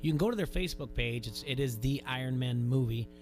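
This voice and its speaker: A man's voice: mid-range voice, steady tone, fast, music in the background. A man hosting a sports radio show, chatting casually, often restarting his sentences. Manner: rambling, restarts sentences, reads posts aloud.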